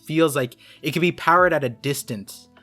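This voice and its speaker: A man's voice: on the high side, normal speed, sharp tone, faint music behind. A man talking as a guest in a casual chat, explaining in a rambling way with lots of fillers. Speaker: guest co-host.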